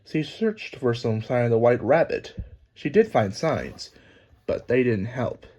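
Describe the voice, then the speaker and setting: A man narrating a children's storybook aloud in a lively, expressive reading. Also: medium pitch, unhurried. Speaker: storybook reader.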